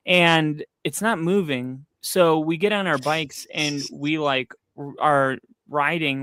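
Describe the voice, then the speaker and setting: A man's voice: a little high, clean tone, no room sound. Rambling man telling stories, dry close mic. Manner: rambling, animated storyteller with frequent fillers. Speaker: podcast co-host. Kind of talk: casual storytelling chat. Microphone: streaming setup, close mic.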